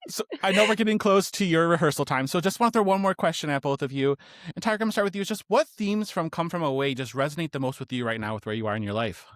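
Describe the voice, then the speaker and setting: A man's voice: fairly high pitch, fast, fairly bright tone, no room sound, clean studio sound. A man hosting a podcast interview, chatty and enthusiastic. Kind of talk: casual interview chat.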